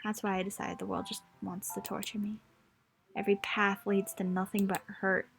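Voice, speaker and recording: A young woman voicing a sad, self-blaming teenage girl, reading game dialogue aloud in a soft, halting way. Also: mid-range voice, little pitch movement, creaky, faint music behind.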